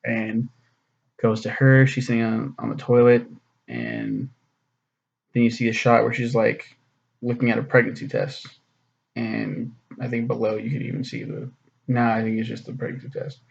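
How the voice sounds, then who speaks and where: A man recaps a comic in a loose, rambling, profane way, full of fillers and restarts. His voice has a gravelly fry at mid pitch. The recording is muffled and lo-fi. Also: moderate pace. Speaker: comic reviewer. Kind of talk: casual recap and commentary.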